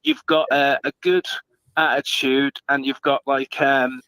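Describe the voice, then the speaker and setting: A man calling in to a live stream, speaking in a halting, hesitant way with lots of fillers and some swearing. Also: mid-range voice, pushed and bright, smooth, no room sound, rough recording. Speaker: caller. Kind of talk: casual call-in chat.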